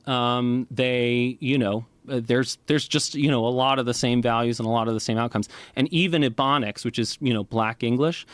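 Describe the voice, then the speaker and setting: A man's voice: medium pitch, no echo. A man explaining at length as a podcast guest, lecturing with many "right?" and "you know" asides.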